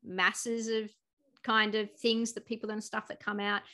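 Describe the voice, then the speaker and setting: A woman's voice: medium pitch, little pitch movement, unhurried, sharp tone. A woman, a pharmacist by trade, telling a story in casual conversation, laughing often and acting out what people said. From Australia. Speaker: guest, pharmacist. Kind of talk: casual podcast chat.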